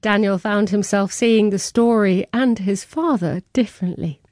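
A woman radio host reading scripted introductions in a crisp, polished way. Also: medium pitch, moderate pace, darkish tone, dry recording, studio quality. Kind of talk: scripted programme trailer.

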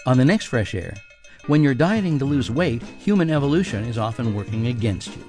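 A man announcer reading a scripted radio promo smoothly. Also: mid-range voice, sing-song, brisk, a little mellow, soft background music. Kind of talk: promo read.

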